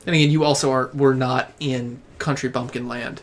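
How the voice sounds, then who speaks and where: A Tennessee man with a Southern US accent hosts a casual live gameplay stream, his mid-range voice fairly even in intonation. There's a little hiss or hum as he rambles, chats and jokes with his co-players.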